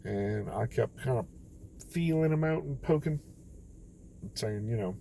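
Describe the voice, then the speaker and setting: A man's voice: mid-range voice, measured pace, vocal fry, warm tone, a little hiss or hum, rough recording. A young man telling a rambling, self-deprecating story late at night, tired and quoting others as he goes. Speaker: vlogger.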